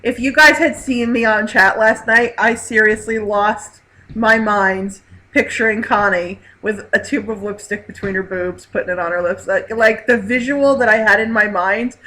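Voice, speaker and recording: Casting note: woman host, bright clear voice, chatty and laughing, live stream chat. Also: on the high side, poor audio. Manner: chatty, laughs often, reads chat aloud.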